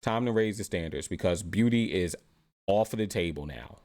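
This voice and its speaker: A man's voice: low voice, normal speed, darkish tone. A man hosting reaction commentary, rambling and tagging his points with "right?". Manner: rambling, repeats "right?" often. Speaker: commentary host.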